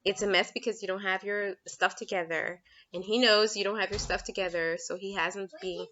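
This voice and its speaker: A woman's voice: medium pitch, steady tone, normal speed, highs cut off, background noise. A woman vlogging as a relationship coach at home, talking frankly and chattily, laughing often. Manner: chatty, frank, laughs often, breaks off to talk to her kids. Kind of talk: casual talking-head vlog.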